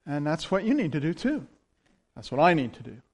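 A male pastor delivers a sermon in a relaxed, storytelling manner. His voice sits fairly high, and he moves between quiet asides and animated moments. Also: a little fast.

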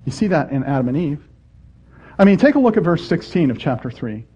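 A man's voice: on the high side, big pitch swings, brisk, a little mellow, breathy edge, lo-fi sound. A man preaching a sermon, speaking earnestly and putting rhetorical questions to his congregation. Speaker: pastor.

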